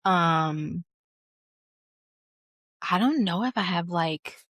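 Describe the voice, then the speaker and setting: A woman's voice: lowish voice, expressive, extremely slow, fairly bright tone, no echo. A young woman co-hosting a podcast, chatting casually, laughing often and restarting her sentences. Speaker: podcast co-host. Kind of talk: casual chat.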